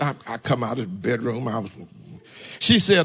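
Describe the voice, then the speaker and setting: A married man preaching a testimony sermon, telling a story and calling on the congregation to talk back, with sudden shouts. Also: fairly high pitch, big pitch swings, brisk, husky. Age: adult, married. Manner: call-and-response, urging the congregation to answer.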